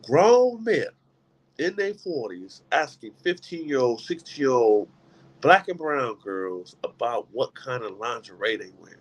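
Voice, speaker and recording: A middle-aged motivational speaker with a mid-range, very animated voice addresses a live group at an unhurried pace. His delivery is emphatic and preacher-like, repeating words as he builds his points.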